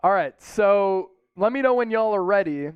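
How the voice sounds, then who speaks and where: A young man hosting a casual live sports stream from a small studio, joking and breaking into loud chants. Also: high-pitched, normal speed, smooth, no echo, narrow, tinny audio, faint music behind. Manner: rowdy, excitable, shouts and chants. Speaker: sports show host.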